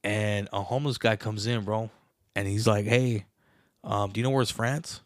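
Young guy on a podcast telling a wild story, swears a lot, says bro every line, low voice, dry mic. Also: moderate pace, dry recording. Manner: animated, profane, says bro constantly. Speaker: podcast co-host. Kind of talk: casual storytelling chat.

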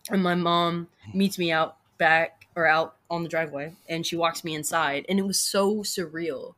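A woman's voice: fairly low pitch, fairly even intonation, moderate pace, fairly bright tone, slight background noise. A woman in her twenties, a podcast guest, telling a personal story in a frank, casual way and swearing freely.

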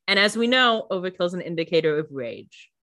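Woman, lively swooping pitch, playful profane asides, casual podcast chat. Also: fairly quick. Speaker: podcast co-host.

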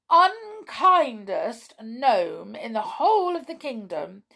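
A woman voicing the head brownie, a grown man who speaks firmly and sternly. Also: medium pitch. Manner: firm, scolding. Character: head brownie man, fierce then cheerful.

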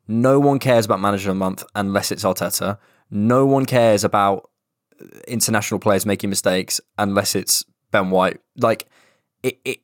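A young man rambles through casual podcast chat, swearing now and then. His voice sits low. The sound is dry and close, with no room echo. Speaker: podcast co-host.

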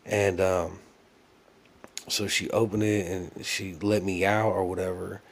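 Lowish man rambling through a dream story. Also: level tone, a little slow. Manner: rambling, many fillers and restarts; earnest, reflective.

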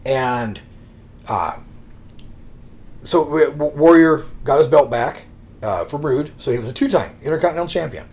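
A man's voice: a little high, expressive, moderate pace, long pauses, a little mellow. Chatty man telling wrestling stories. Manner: rambling anecdotes with acted quotes. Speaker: podcast co-host. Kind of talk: casual storytelling chat.

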